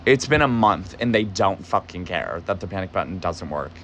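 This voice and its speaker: A man's voice: sits low, animated, moderate pace, a bit bright, a little hiss or hum. A young man telling a story in a casual, agitated way, cursing often for emphasis. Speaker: podcast host, former barista.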